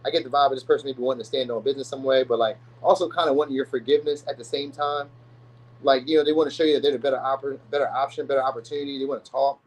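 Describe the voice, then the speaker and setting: A man reads tarot cards for his viewers in a loose, slangy ramble. He talks quickly, restarts his sentences and fills the gaps with fillers. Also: medium pitch, steady tone, poor audio. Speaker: tarot reader. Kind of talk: casual tarot reading to viewers.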